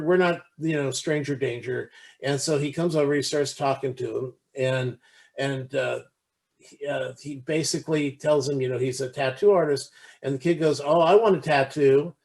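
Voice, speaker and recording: A man's voice: medium pitch, darkish tone. A man co-hosting a podcast, chatting casually with lots of restarts and fillers, acting out quoted lines while retelling a movie. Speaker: podcast co-host. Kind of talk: casual chat.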